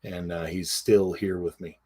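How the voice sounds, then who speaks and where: A man co-hosting a podcast, talking in a halting, casual way with many fillers and restarts. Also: low voice, level tone, a crowd in the background. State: tearful. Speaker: podcast co-host. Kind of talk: casual chat.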